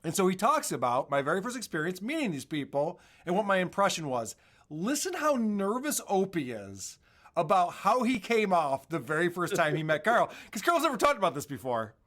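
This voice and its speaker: A man's voice: high-pitched, very animated, a little fast, a bit bright. A man co-hosting a podcast, casually commenting on radio clips with profane, mocking humor. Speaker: podcast co-host.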